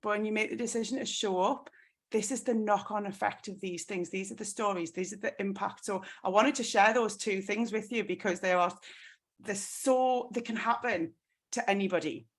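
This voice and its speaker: A woman's voice: mid-range voice, moderate pace. A woman in her thirties giving a motivational talk on a team call, telling a story with many "like" fillers. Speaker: network marketing team leader.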